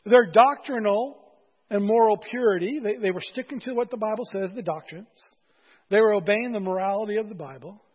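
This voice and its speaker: Husky high-voiced male pastor preaching. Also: fairly quick. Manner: conversational, joking with congregation. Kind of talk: sermon. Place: church. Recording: dull audio in a reverberant hall.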